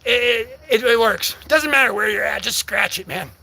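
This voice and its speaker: Young male streamer, bright high voice, rambling and silly. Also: animated, normal speed, gravelly, husky. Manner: silly, rambling, breaks into loud singing. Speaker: livestream host. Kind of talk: goofy live chat with viewers, bursts of singing.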